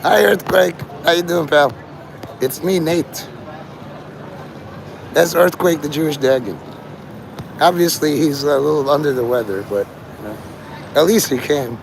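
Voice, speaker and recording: A livestreamer with a somewhat high, gravelly, strained voice, which he calls his normal one, rambles through a profane, free-associating stream. Speaking to his chat from outdoors on a city street with faint noise behind him, he talks a little slowly with long pauses.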